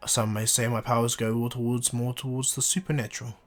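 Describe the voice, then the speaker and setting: Goku, a man voicing a calm, mighty alien guardian. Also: mid-range voice, a little fast, natural voice. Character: calm, all-powerful alien guardian man, kindly and confident.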